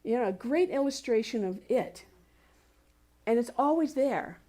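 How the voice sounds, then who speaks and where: Higher-voiced woman minister preaching. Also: lively intonation, measured pace, dark tone. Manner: conversational, telling personal stories; encouraging, speaks to the congregation. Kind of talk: sermon. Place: spiritual community center service.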